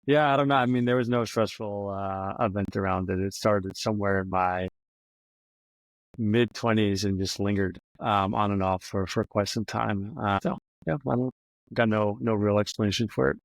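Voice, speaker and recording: A man's voice: fairly low pitch, moderate pace, vocal fry, dry recording, rough recording. A man co-hosting a podcast, answering hesitantly and with self-deprecating humor. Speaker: podcast co-host. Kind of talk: casual interview chat.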